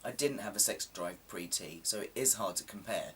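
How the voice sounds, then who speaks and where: A man's voice: deep voice, lively intonation, normal speed, sharp tone, far from the mic, slight background noise. A man in casual chat to camera, rambling and self-deprecating with plenty of ums, his voice a little coarse from a sore throat. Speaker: vlogger.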